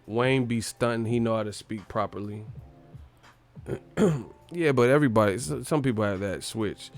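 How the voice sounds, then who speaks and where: Man, boxing host, casual slangy commentary, swears freely, low smooth voice. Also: moderate pace, faint music behind. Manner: animated, profane, slangy, laughs often.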